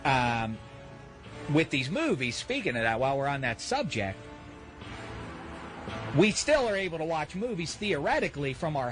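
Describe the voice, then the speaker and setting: A man hosting a radio show, telling exasperated comic stories and shouting the punchlines. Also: mid-range voice. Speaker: radio host. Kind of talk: comedic radio rant. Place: Los Angeles.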